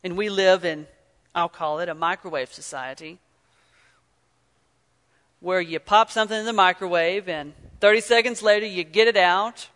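A man preaching an earnest sermon, telling stories and swinging from loud emphasis to near-whisper. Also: high-pitched, moderate pace, long pauses, long reverb tail. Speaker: pastor.

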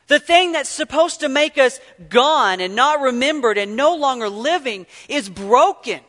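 A man preaching an earnest sermon, telling stories and swinging from loud emphasis to near-whisper. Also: very high voice, expressive, measured pace, in a large hall. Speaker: pastor.

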